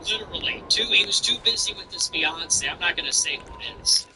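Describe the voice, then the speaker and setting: A man's voice: high-pitched, a little fast, noisy background. A man hosting a livestream, chatting casually and ranting bluntly with frequent profanity. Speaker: livestream host.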